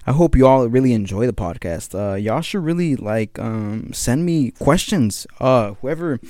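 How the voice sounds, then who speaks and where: A man's voice: medium pitch, lively intonation, unhurried, darkish tone, no room sound, clean studio sound. A young man hosting his own podcast, chatting casually in a rambling, slang-heavy way with frequent laughs, a little tired. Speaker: podcast host. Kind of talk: casual solo monologue.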